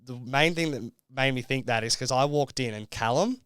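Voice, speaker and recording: A man's voice: medium pitch, moderate pace, fairly bright tone, clean tone, no room sound, clean studio sound. A young Australian man and reality show contestant, telling his story in a casual podcast interview, rambling with lots of fillers.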